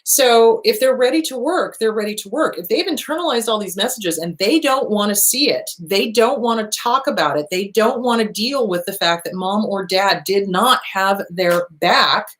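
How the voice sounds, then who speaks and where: A middle-aged woman therapist answering viewer questions in a casual advice show, blunt and animated, swearing freely. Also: mid-range voice.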